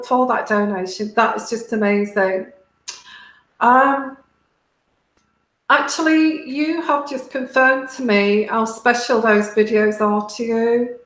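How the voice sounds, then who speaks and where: Slow-talking British woman, tearful. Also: on the high side, a bit bright, echoey room, low-quality recording. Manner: halting, many restarts and fillers, heartfelt. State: close to tears. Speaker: tarot reader and livestream host. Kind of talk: casual livestream talk to viewers.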